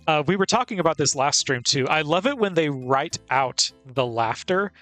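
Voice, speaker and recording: Chatty playful man, slightly high voice. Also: lively intonation, normal speed, hardly any pauses, a bit bright, no echo, faint music behind. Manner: chatty and playful, laughs often. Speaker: streamer. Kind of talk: casual gameplay commentary.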